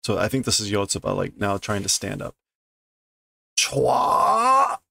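A man reading a comic aloud and translating it as he goes, thinking aloud with halting restarts and fillers. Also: fairly low pitch, flat delivery, gravelly, a bit bright, slightly rough, no echo. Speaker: Japanese learner reading a comic on stream.

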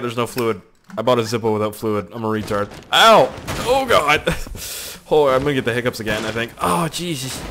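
A man giving excitable, rambling let's play commentary, yelping and swearing at the action on screen. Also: medium pitch, a little hiss or hum. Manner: excitable, yelps and laughs at crashes, heavy swearing; rambling running commentary to himself. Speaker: gaming YouTuber.

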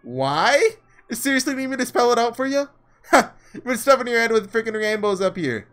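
A man's voice: on the high side, very animated, fairly quick, a bit bright. A man voicing a scornful young man from the slums, speaking in a slangy, mocking drawl.

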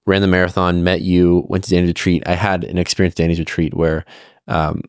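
A young adult man co-hosting a podcast, telling his side of a story in a relaxed, earnest way with a few stammered restarts. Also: low-pitched, a little fast, clean tone, no echo, clean studio sound. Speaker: podcast co-host. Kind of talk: casual conversational storytelling.

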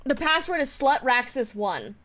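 A woman streaming and chatting, giddy, laughing a lot and swearing as she talks in excited bursts. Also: sits high, normal speed. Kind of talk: excited casual stream chat.

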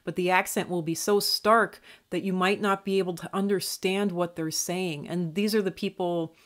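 A woman's voice: on the low side, steady tone, moderate pace. A woman from northern Minnesota, with a faint Minnesotan accent worn down to a neutral American sound, talking in a digressive, rambling monologue full of restarts. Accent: faint Minnesotan, mostly neutral American. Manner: digressive, many restarts and fillers. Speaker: YouTube channel host.

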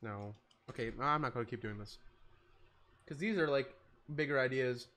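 A man's voice: medium pitch, normal speed, fairly bright tone. A young man live-streaming, chatting casually with a joking, sarcastic, swearing manner.

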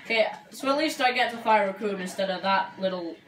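A woman's voice: medium pitch, fairly quick, a bit bright. Woman, gameplay commentary, chatty and joking, echoey room, faint music. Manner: chatty, joking, says like a lot. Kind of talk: let's play commentary. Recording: echoey room, far from mic, game music.

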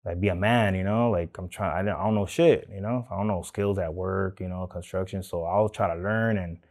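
Laid-back LA man, dark voice. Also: low-pitched, fairly even intonation, fairly quick. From Los Angeles. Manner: loose street slang, many "like" and "man" fillers. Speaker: tattoo artist, interviewee. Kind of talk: casual interview.

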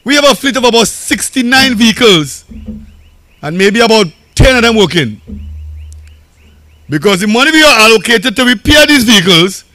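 A man's voice: very high voice, expressive, moderate pace, long pauses, pushed and bright, no room sound. A Trinidadian man, a local council chairman, giving a campaign rally speech in a conversational, storytelling way that often repeats phrases.

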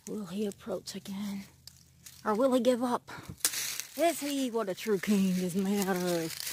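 A woman's voice: mid-range voice, unhurried, background noise. A woman, casually narrating her pet cats as a playful mock drama while coaxing them along. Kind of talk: casual live narration of pets.

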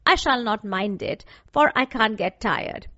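A woman voicing a gentle, friendly male scarecrow who speaks slowly and earnestly in a storybook reading. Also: a little high, animated, no echo. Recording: dull dry lo-fi recording.

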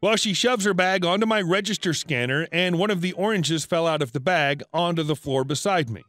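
A man with a high voice reads out a written story in an even, steady narration. The sound is dry and close, with no room around it. Faint music runs underneath. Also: fairly quick, dry recording. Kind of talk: scripted narration.

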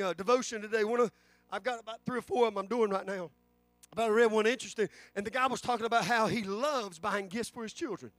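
A man's voice: extremely high pitch, a bit bright, dry recording. A man, preaching a sermon in a church with fervent delivery and frequent restarts. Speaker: pastor. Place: church sanctuary.

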